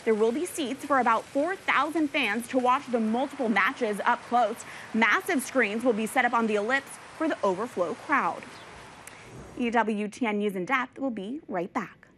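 A woman anchoring a news program, reading scripted reports in a clear, measured delivery. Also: on the high side, fairly bright tone, a little hiss or hum, rough recording.

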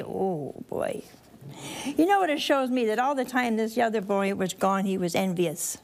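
A woman's voice: mid-range voice, moderate pace, a little mellow. A woman preaching a storytelling sermon to a live audience, chatty and folksy, laughing at her own asides and acting out the characters.

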